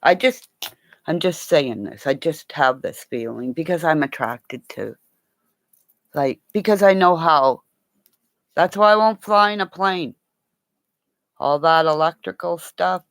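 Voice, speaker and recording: A woman with a low, gravelly voice rambles through a casual chat from her home, with her pitch swinging up and down. She talks slowly and breaks into cooing baby talk to her dog, and the sound is close and dry. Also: expressive, no room sound. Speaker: vlogger. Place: at home, indoors.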